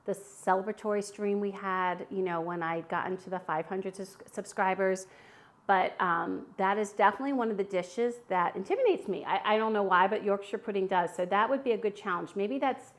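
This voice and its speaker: Woman host. Middle pitch. Casual and chatty, cooking at home for a live audience. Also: a little fast. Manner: chatty, friendly, answers viewer chat while cooking. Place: home kitchen.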